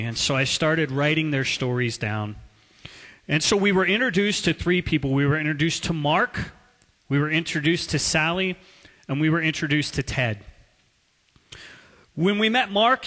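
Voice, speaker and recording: Slow, bright-voiced man preaching. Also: mid-range voice, in a large hall. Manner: slow, deliberate storytelling delivery. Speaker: pastor. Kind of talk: sermon.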